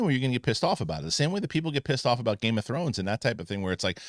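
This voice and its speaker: A man hosting an online show, giving a casual spoken review of a TV episode, animated and full of restarts. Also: mid-range voice, dry recording, clean studio sound. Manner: animated, restarts often, acts out characters in quick asides.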